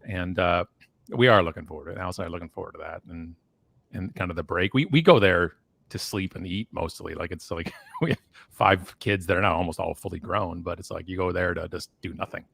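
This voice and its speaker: A man in his forties on a video call, telling stories in a casual, animated way that often slides into a rant. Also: sits low, fairly quick, vocal fry, no room sound. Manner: animated ranting storyteller. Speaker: guest. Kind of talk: casual chat on a live stream.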